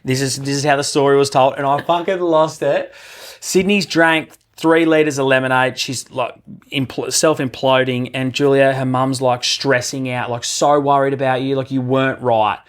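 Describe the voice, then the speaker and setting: A man co-hosting a casual podcast chat, telling stories in an animated way and swearing freely. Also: mid-range voice, normal speed. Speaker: podcast co-host.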